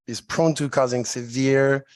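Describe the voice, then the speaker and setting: A state representative with a French accent questioning officials at a public hearing, hesitant and apologetic. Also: male voice, mid-range voice, steady tone, unhurried, a little mellow, dry recording.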